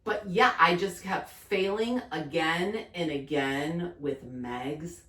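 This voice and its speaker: A woman's voice: sits low, takes it slowly, a bit bright, roomy sound, recorded from a distance. A woman co-hosting a casual podcast, telling stories in a chatty way and acting out the quotes. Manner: chatty storyteller, acts out quotes with laughter. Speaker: podcast co-host. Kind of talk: casual chat.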